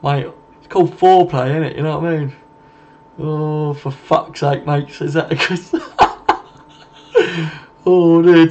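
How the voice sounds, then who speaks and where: A man's voice: fairly high pitch, darkish tone, muffled recording. A man hosting a live stream, reading comments aloud and bantering in a laddish, swearing, jokey way.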